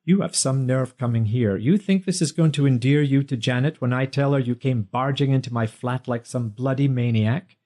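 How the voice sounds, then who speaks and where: A cheeky young man, quick-witted and playful, bantering and talking back without fear, as a male narrator plays him. His voice is warm and mellow at a middle pitch, read for an audiobook. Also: close to an everyday voice. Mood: defiant.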